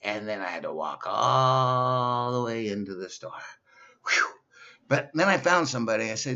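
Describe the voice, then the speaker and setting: A male comedian doing a stand-up monologue in a slow, simple-minded persona, telling silly stories. The recording is dull and lo-fi. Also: medium pitch, lively intonation, pushed and bright.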